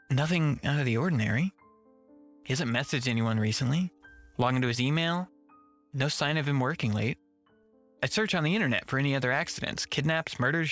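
A man narrating a first-person horror story with a tense, measured reading. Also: fairly high pitch, sharp tone.

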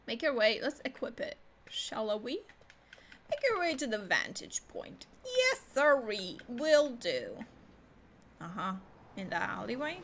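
A young woman commenting on her gameplay in a chatty, excitable way, swearing often. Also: on the high side, vocal fry, a little hiss or hum. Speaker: gaming video host. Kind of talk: live gameplay reaction commentary.

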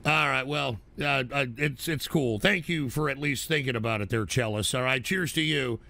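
A middle-aged man hosting a live show, ranting profanely and shouting at his chatters. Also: mid-range voice, moderate pace, gravelly, no echo. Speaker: livestream host.

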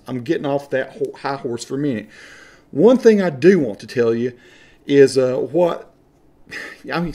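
A man's voice: mid-range voice, mellow. A man from western North Carolina with an Appalachian accent, talking to camera in a passionate, rambling, folksy monologue. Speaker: vlogger.

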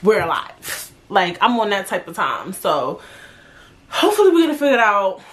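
A woman's voice: mid-range voice, wildly swooping pitch, normal speed, a bit bright. A young woman hosting her own podcast, ranting casually and profanely, repeating lines for emphasis. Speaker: podcast host. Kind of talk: casual rant.

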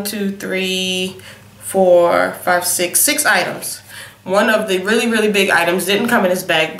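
A woman's voice: on the low side, a bit bright, reverberant. A young woman in a casual, sassy makeup review, sniffly from a cold and calling her viewers honey and y'all. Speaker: beauty vlogger.

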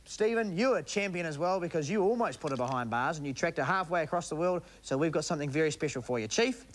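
A man's voice: a little high, lively intonation, fast. A man hosting a game show, cheering and urging a contestant on. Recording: TV studio with audience and music.

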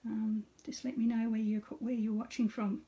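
A woman's voice: a little high, flat delivery, moderate pace, warm tone, husky, highs cut off. A middle-aged woman hosting a casual live card-making demonstration. She chats with viewers by name and narrates each step aloud.

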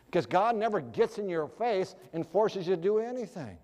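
A man's voice: sits high, very animated, normal speed, mellow. A man preaching a sermon earnestly, asking the audience rhetorical questions. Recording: echoey hall reverb.

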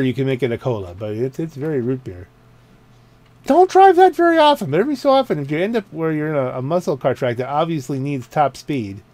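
A man giving a rambling, casual commentary while touring his car garage in a video game, often stopping to correct himself. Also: on the high side. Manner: rambling, self-correcting, chatty. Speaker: gaming channel host. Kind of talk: casual let's-play commentary.

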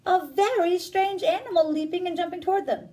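High, sing-song story time woman. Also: fairly quick, recorded from a distance, low-quality recording. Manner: gentle, expressive, sing-song. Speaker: children's librarian. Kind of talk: children's story time reading.

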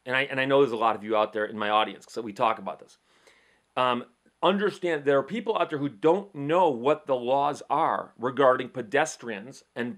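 A middle-aged man hosting a casual legal talk show, telling an animated story with frequent repeats and restarts. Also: mid-range voice. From Michigan, USA. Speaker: legal commentary host.

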